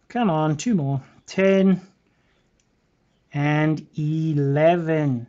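A man's voice: fairly high pitch, lively intonation, a little slow, darkish tone. A man with a British accent hosting a live beading tutorial, chatting to viewers and counting beads aloud as he works. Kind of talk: live craft tutorial, casual chat. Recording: slightly dull lo-fi sound.

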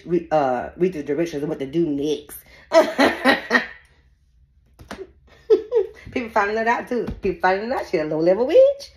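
A woman running a casual spiritual reading chats straight to her audience, breaking into laughter often and swearing freely. Her pitch swings widely as she talks. The voice rings in an echoey room. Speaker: psychic reader.

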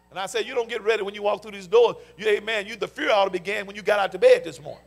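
A man, a pastor preaching a sermon in church, calling out questions for the congregation to answer and rising into shouts. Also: high-pitched, fast, soft background music. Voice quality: gravelly. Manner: call-and-response preaching, shouting peaks. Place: church sanctuary.

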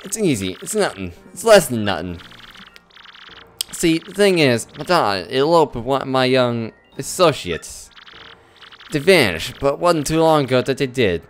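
A man voicing a gruff, menacing male tree-creature mob boss with a put-on mobster accent, reading game dialogue in character. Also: medium pitch, big pitch swings, moderate pace, soft background music, natural voice. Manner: tough-guy gangster slang, threatening.

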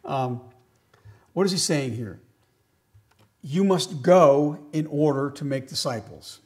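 A pastor delivering a sermon in a fairly high man's voice. He swings from loud, emphatic lines to quiet asides. He slows right down to stress key phrases. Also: animated.

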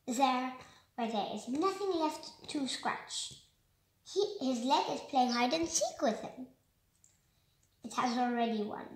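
Slow careful young reader in a roomy space. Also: female voice, sits high. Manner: slow careful reading with small restarts. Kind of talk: reading a picture book aloud.

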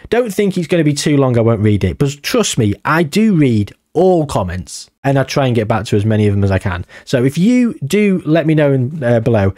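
A young man giving casual, excitable commentary on a football management game, swinging from musing to amazed outbursts. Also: medium pitch, no room sound, studio quality. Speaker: gaming YouTuber.

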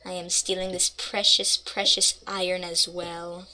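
A woman's voice: lowish voice, little pitch movement, a little slow, sharp tone. A woman casually commenting on her own gameplay, playful and mock-dramatic, rambling between asides. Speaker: gaming channel host.

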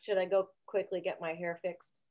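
Woman guest, lowish voice, rambling and theatrical, playing it for laughs on a video call. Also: flat delivery, moderate pace, a little mellow, lo-fi sound. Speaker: interview guest. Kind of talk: casual video chat.

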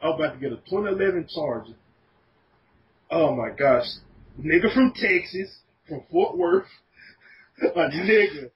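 Animated man telling a rambling story. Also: fairly high pitch, measured pace, long pauses. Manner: animated, laughing, profane storytelling. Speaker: podcast guest. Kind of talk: casual storytelling chat. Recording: dull lo-fi podcast audio with faint noise.

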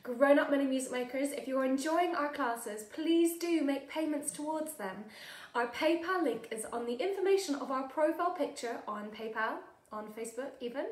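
A woman with a British accent leading an online music class for toddlers, talking and singing in a bright, exaggerated sing-song manner. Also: high-pitched, reverberant. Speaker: children's music class leader.

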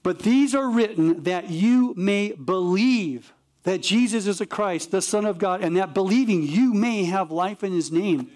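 A male pastor with a notably high-pitched voice delivers a sermon to his congregation. He talks with animated energy, slipping into the voices of the people in his stories. His key points land in short, emphatic bursts. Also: unhurried. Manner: animated storytelling, acts out dialogue; emphatic, punchy preaching.

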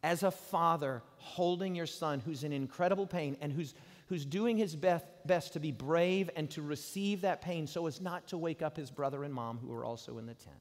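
A man in his forties preaching a sermon and telling a personal story, swinging from loud bursts to hushed tones. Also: on the high side, moderate pace. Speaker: pastor. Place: large hall. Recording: hall reverb from live sermon.

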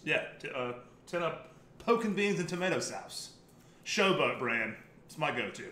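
Bright-voiced American man joking in an echoey kitchen. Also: a little high, very animated, normal speed, a little hiss or hum. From United States. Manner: joking, rambling, swears freely. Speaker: cooking stream host. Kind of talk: casual live-stream chat while cooking. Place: home kitchen.

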